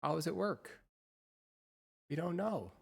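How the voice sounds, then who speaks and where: A woman's voice: deep voice, animated, takes it slowly, vocal fry, breathy edge. A woman streamer chatting casually with her viewers through a real-time AI voice changer, muttering to herself while she sets up her screens. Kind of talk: casual live-stream chat.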